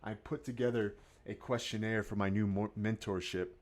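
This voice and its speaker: Low-voiced man talking trading. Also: steady tone, moderate pace. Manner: swings from low mumbling to loud fired-up pep talk, swears. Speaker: day trader. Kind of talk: casual market commentary to camera.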